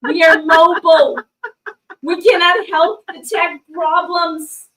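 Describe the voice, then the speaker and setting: A woman's voice: extremely high pitch, steady tone, takes it slowly, pushed and bright, recorded from a distance, low-quality recording. A woman co-hosting a casual livestream, reading viewer messages and joking around. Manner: joking, giggly, teasing. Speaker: livestream co-host. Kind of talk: casual livestream chat reading super chats. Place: hotel room.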